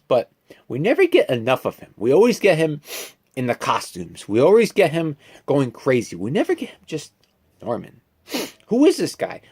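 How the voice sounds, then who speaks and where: A man's voice: on the high side, darkish tone. A man in his twenties giving a chatty, casual movie review, full of fillers and asides.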